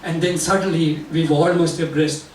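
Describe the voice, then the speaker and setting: A man's voice: a little high, fairly even intonation, normal speed. Older Sri man doing wry stand-up. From Sri Lanka. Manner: self-mocking, wry, building to punchlines. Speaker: comedian. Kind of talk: stand-up storytelling. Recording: roomy, distant mic, noisy venue.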